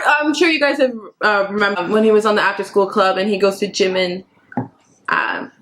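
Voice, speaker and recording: A young woman in casual vlog chat, telling a story in an excitable, giggly way. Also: mid-range voice, fairly quick, crowd noise. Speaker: vlogger.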